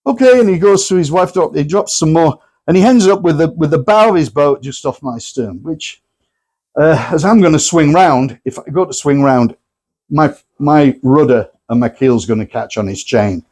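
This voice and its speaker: A man presenting at a club night, telling anecdotes in a lively way and acting out the people he quotes. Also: a little high, normal speed. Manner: lively storyteller, acts out quotes.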